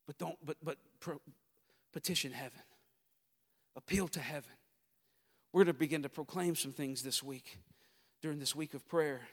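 Southern pastor preaching in a reverberant hall. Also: male voice, fairly high pitch. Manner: preaching with swells from quiet storytelling to loud exhortation. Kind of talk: sermon.

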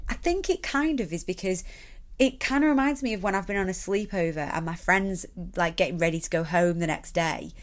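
A young woman chatting casually and rambling, then talking listeners through a relaxation exercise. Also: lowish voice. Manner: chatty, rambling, many fillers. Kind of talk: casual chat and guided relaxation.

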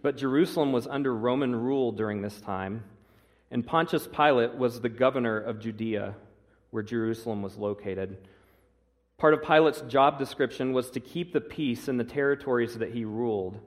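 Man preaching in a reverberant church. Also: mid-range voice. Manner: measured, slows down on key phrases, some fillers. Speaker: pastor. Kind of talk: sermon. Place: church sanctuary.

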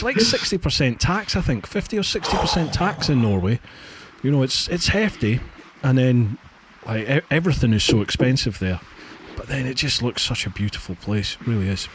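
A Scottish man hosts a casual podcast chat at a mid pitch, spinning his own stories in a relaxed, chatty way. A faint noise sits under his voice. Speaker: podcast host.

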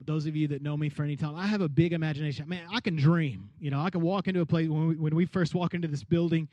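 A pastor delivers an energetic sermon in a notably high voice, urging his listeners to repeat his words and acting out the people in his story. The sound is close and dry, with no room echo. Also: quick pace, highs cut off. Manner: energetic preaching with call-and-response.

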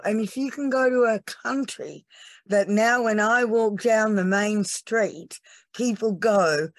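A woman speaks slowly and earnestly, pausing often as she tells her story. She sounds teary and moved. Her voice is dry and close, with no room around it. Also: medium pitch, dry recording. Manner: earnest and emotional, slow storytelling with pauses. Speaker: laughter yoga trainer, podcast guest. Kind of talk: podcast interview.

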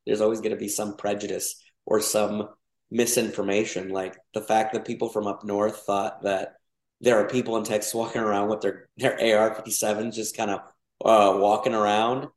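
A man's voice: fairly low pitch, little pitch movement, normal speed. A man from Mexico chatting casually as a podcast guest, wandering through thoughts with lots of restarts and fillers. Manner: rambling, many restarts and fillers. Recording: roomy echo.

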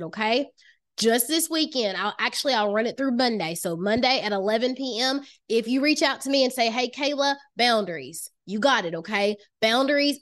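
A woman with a high, light voice leads a motivational master class. She speaks to the listener directly and emphatically, hammering points home by repeating them. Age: adult with children. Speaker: life coach and podcast host.

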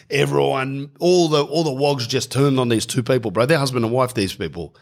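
Slangy Aussie comic storyteller, thirties man, rambling delivery, mid-pitched. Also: a little fast, vocal fry, hardly any pauses. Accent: Australian. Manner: rambling, slangy, keeps saying bro. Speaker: comedian storyteller.

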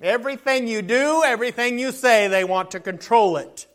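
Male pastor, sermon delivery, very high pitch, earnest, repeats himself. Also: normal speed, a bit bright. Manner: earnest preaching, often restarts and repeats words.

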